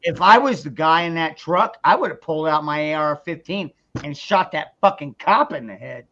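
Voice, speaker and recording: A man ranting angrily on a livestream in a fairly high voice, swearing freely and restarting his sentences often. The recording is dull and lo-fi. It sounds like casual, heated talk to his viewers. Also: lively intonation, sharp tone. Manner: angry, profane, halting with many restarts. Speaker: streamer.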